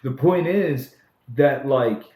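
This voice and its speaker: A man's voice: medium pitch, takes it slowly, a little mellow. Earnest storytelling man in an echoey room. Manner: earnest storyteller, peppers talk with "man" and "bro". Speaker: person in recovery helping others. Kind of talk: casual podcast chat.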